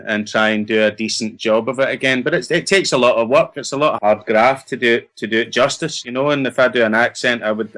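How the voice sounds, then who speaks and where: The interview guest is a middle-aged actor from Scotland with a mid-range, slightly bright voice. He answers questions in a rambling, chatty, self-deprecating manner.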